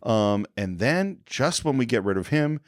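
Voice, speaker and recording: A man's voice: mid-range voice, animated, unhurried, no echo, clean studio sound. A man co-hosting a podcast in casual chat, retelling film scenes and slipping into the characters' lines. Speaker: podcast co-host.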